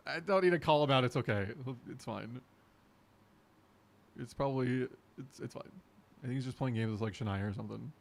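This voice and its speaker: A man's voice: mid-range voice, fairly quick, vocal fry, long pauses, a little hiss or hum. Laid-back young male streamer. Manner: laid-back, excitable, laughs easily. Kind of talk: casual live-stream chat.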